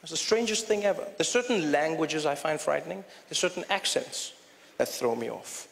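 A man doing stand-up comedy on a stage in an animated way, slipping between voices, recorded on a handheld mic in a reverberant live venue. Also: fairly high pitch, normal speed, gravelly.

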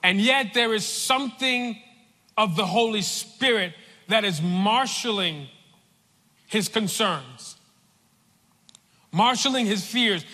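A man preaching a sermon in a large church, slow and deliberate, repeating phrases for weight. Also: high-pitched, lively intonation, sharp tone, big-room sound.

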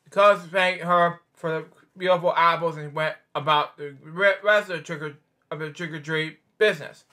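A man's voice: on the high side, steady tone, moderate pace, bright, forceful tone. A man reading a picture book aloud, stumbling over words and breaking off into rambling side comments. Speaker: storyteller host.

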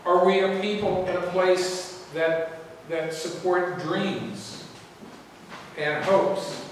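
A man's voice: high-pitched, steady tone, slow pace. A man who is a priest gives an earnest, reflective presentation to a church assembly and poses searching questions. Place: assembly hall. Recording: echoey hall from far off with room noise.

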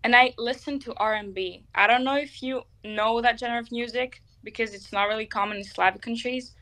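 A woman's voice: fairly high pitch, fairly quick, fairly bright tone. A teenage girl from Greece, chatting casually and laughing easily on a video call. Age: teens. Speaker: chat partner.

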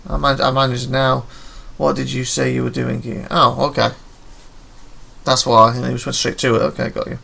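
A man's voice: mid-range voice, creaky, a bit bright. A man playing a detective game, reading the characters' dialogue aloud and breaking off into offhand comments of his own. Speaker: let's play gamer.

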